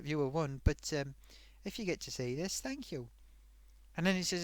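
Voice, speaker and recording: A man's voice: on the high side, a bit bright, no echo. A man hosting a casual live stream, reading out forum comments with a chatty, self-amused manner.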